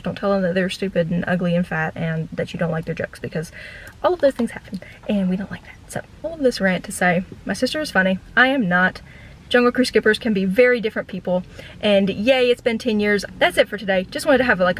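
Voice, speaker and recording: A woman in her thirties chatting casually in a storytime from her car, deadpan and rambling, with lots of "like" fillers. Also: mid-range voice, a little hiss or hum, low-quality recording. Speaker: vlogger and former theme park ride guide.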